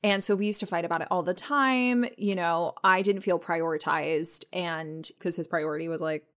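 A young woman co-hosting a chat podcast, telling a personal story in an animated way and acting out what people said. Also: on the low side, normal speed. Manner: animated, acts out quoted voices. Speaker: podcast co-host.

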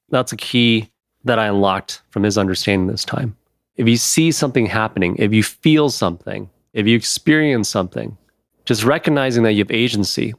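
A man hosting a podcast in casual chat, animated, laughing often and swearing freely. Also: lowish voice, no echo, clean studio sound.

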